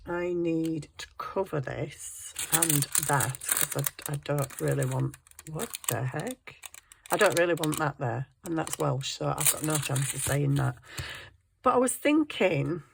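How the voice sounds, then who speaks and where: Woman, deep and gravelly, chatty crafting vlog at her desk, slight hiss. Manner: chatty, self-deprecating, talks to her cat. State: scratchy throat. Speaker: crafting vlogger. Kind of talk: casual crafting chat.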